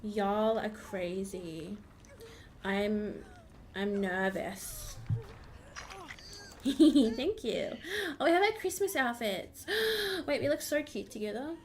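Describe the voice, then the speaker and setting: A woman's voice: mid-range voice, slow pace, long pauses, slight background noise. A woman streaming a game, chatting casually and bubbly with her viewers. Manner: bubbly, thanks viewers, gasps and squeals. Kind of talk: casual livestream chat while gaming.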